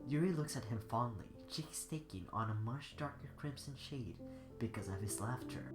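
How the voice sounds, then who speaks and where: A sick man with a congested voice reads fanfiction aloud, rambling and giggly. He sounds off-the-cuff rather than polished. Loud guitar music fills an echoey room. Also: medium pitch, animated, normal speed. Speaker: fanfiction reader. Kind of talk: amateur fanfiction reading.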